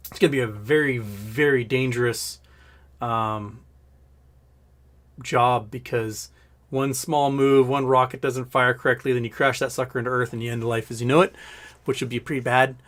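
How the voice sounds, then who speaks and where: A man runs a casual livestream, his throat a bit scratchy since being sick. His medium-pitched voice is fairly even in intonation, at a normal speed and slightly bright, as he jokes, rambles, and reads viewers' questions.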